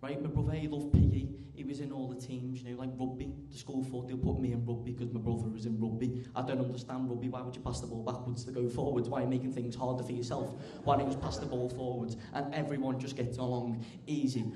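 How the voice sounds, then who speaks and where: A teenage man doing stand-up on a club stage, chatty and quick to ask "right?". His voice is mellow and darkish, and the hall around him rings. He gets loud when he acts out scenes. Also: mid-range voice, flat delivery, slight background noise. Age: teens. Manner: chatty, keeps asking "right?", bursts loud for acted bits. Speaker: stand-up comedian. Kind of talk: stand-up comedy routine. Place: large comedy club stage. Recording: echoey live club room.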